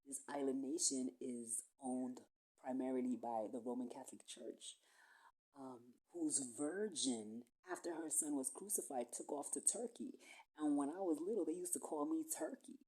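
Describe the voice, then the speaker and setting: A woman's voice: extremely low pitch, normal speed, mellow, husky. A woman, rambling profanely through a monologue that jumps from topic to topic. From Puerto Rico.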